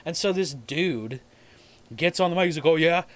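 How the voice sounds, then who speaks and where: A man's voice: a little high, moderate pace. A young man in casual podcast chat, telling rambling, profane gaming stories. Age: young adult. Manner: rambling, profane, animated storyteller. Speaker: podcast host.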